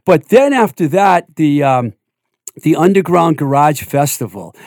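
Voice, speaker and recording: A man's voice: fairly high pitch, animated, measured pace, vocal fry, darkish tone, no echo, clean studio sound. A man hosting a casual interview, eagerly prompting his guest and jumping in with details. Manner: enthusiastic, prompting, jumps in with details. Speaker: podcast host.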